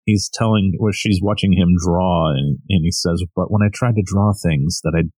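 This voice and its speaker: A man's voice: low voice, normal speed, dark tone, dry recording. A man co-hosting a podcast, chatting casually about a manga in a laid-back way. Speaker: podcast co-host. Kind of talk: casual manga review chat.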